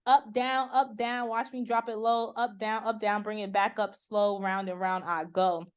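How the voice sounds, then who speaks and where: A woman interviewer asking casual questions, relaxed and quick to affirm and laugh along with her guest. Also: mid-range voice, smooth.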